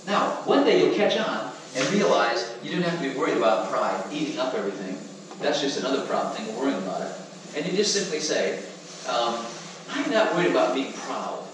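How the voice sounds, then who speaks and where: A man preaching a sermon in a lively, conversational way, often asking the congregation questions. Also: mid-range voice, fairly quick. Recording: echoey hall from far off, noisy.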